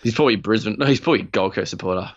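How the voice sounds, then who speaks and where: A man's voice: fairly low pitch, racing, lo-fi sound, slight background noise. Swearing young Australian man telling a story. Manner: animated, swears freely, acts out voices in anecdotes. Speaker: podcast co-host. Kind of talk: casual storytelling chat.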